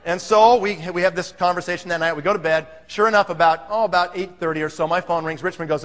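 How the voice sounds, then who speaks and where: Casting: higher-pitched man, excitable storyteller, voice ringing with long hall reverb. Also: fast talker, hardly any pauses. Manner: excitable, acts out quoted voices, laughs often. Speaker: speaker telling a business story. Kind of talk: animated storytelling talk.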